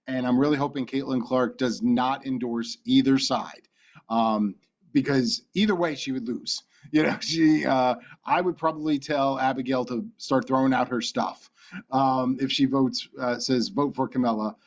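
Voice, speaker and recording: A man's voice: medium pitch, fairly even intonation, normal speed. A man from Virginia co-hosting a podcast in casual chat, laughing often and talking with many fillers. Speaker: podcast co-host. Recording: dull lo-fi podcast audio.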